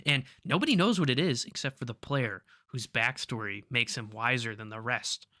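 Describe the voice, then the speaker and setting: A man's voice: medium pitch, normal speed, pushed and bright, no room sound, studio quality. A man co-hosting a podcast, chatting casually and eagerly about tabletop games. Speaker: podcast co-host.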